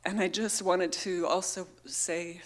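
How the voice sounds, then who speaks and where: A woman's voice: on the low side, steady tone, measured pace. A middle-aged woman giving an earnest, heartfelt memorial tribute into a microphone at a gathering, her voice emotional. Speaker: memorial speaker.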